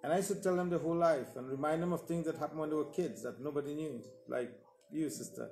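A man tells his testimony from the pulpit, and his voice sits a little high for a man. He tells it as a story and acts out the other people in it. The sound is roomy, and faint music plays under him. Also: quick pace, a little mellow. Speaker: preacher giving testimony. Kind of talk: sermon testimony. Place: church service.

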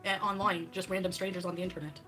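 A woman's voice: fairly low pitch, flat delivery, fast, pushed and bright, faint music behind. A woman in her thirties on a casual livestream, defensive and argumentative as she reacts to clips.

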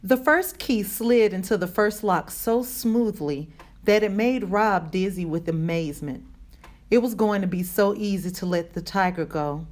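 A woman reading a children's novel aloud in measured narration. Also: medium pitch. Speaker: audiobook reader.

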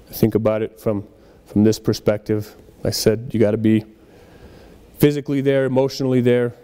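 A pastor with a fairly low, dark, smooth voice preaches in a church, his words filling a big room. His sermon is conversational, and he acts out little dialogues and quotes along the way.

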